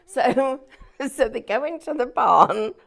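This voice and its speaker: Giggly woman with a gravelly edge. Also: high-pitched, lively intonation, slow pace, fairly bright tone. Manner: giggly, breaks up laughing while telling jokes. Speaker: craft demonstrator. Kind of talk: casual live shopping-show chat.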